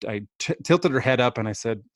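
A man's voice: mid-range voice, lively intonation, fast talker, no room sound, clean studio sound. A man in his thirties casually telling a rambling, self-deprecating story as a podcast co-host.

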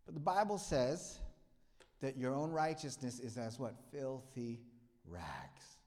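A young man preaching a sermon with a playful, self-mocking manner, swinging from quiet asides to loud emphatic bursts. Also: mid-range voice, lively intonation, slow pace. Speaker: pastor. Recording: echoey hall with long reverb.

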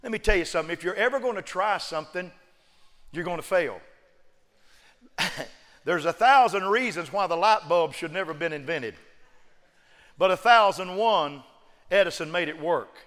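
A man preaching a sermon, joking one moment and shouting emphatic refrains the next. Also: sits high, lively intonation, moderate pace, pauses often. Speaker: pastor. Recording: long reverb of a large hall.

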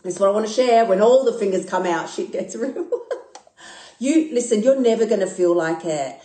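A woman's voice: medium pitch, moderate pace, roomy sound. Blunt Australian woman, swearing coach. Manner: blunt, swearing, animated, self-mocking. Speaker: podcast host and emotional eating coach. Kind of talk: casual live-stream monologue. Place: recorded live on a phone stream. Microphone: phone mic.

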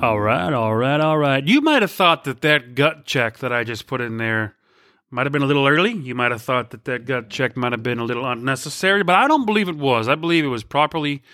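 A man's voice: mid-range voice, lively intonation, fast talker, sharp tone, no echo, clean studio sound, soft background music. A man hosting a podcast in a casual monologue, rambling off on playful tangents and slipping into silly voices. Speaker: podcast host.

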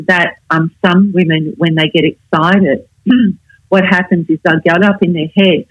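An older woman, a communication coach, explaining her advice in a measured, instructive way in a casual interview. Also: on the low side, fairly even intonation, no echo, dull audio.

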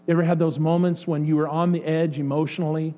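A male pastor preaching a sermon, swinging between excited outbursts and soft, hushed passages. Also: a little high, fast talker. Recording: faint mains hum. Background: faint electrical hum.

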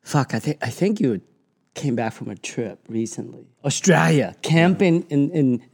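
A middle-aged podcast host tells stories with a lot of energy. He swears freely and laughs along with his own anecdotes. His voice sits in a plain middle pitch. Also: animated, moderate pace, creaky, a little mellow, slightly rough. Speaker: podcast host and gym owner. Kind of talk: casual storytelling.

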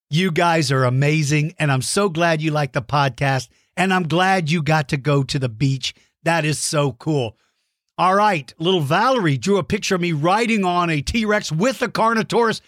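A man hosting a children's podcast, reading out listener mail with big enthusiasm, warm praise and playful mock-outraged shouts. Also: on the high side, expressive, normal speed, no echo, clean studio sound. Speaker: kids' podcast host.

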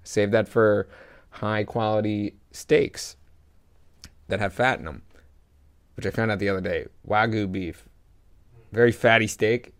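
A young man co-hosting a casual chat, rambling through animated stories with swearing. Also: on the low side, measured pace, long pauses. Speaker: podcast co-host.

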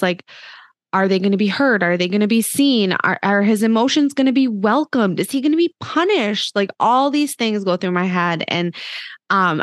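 A woman's voice: lowish voice, dry recording, clean studio sound. A woman in her thirties hosting a podcast, talking in a casual, earnest, chatty way with lots of "like" fillers. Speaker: podcast host.

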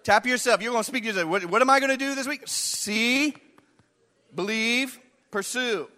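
A man's voice: very high voice, rapid-fire, bright, forceful tone. A man preaching a sermon with drama, acting out the voices of Bible figures and of his listeners. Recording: echoey hall.

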